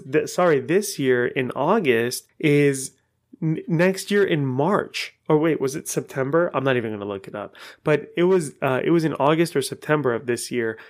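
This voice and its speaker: A man giving a casual, rambling personal update, correcting himself and swearing freely. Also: medium pitch. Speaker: vlogger giving a monthly update.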